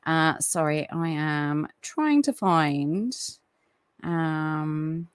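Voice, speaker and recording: A woman's voice: low voice, very slow, clear, resonant tone, no room sound. A woman hosting a casual live stream, chatty and apologetic, with lots of ums and restarts. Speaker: livestream host.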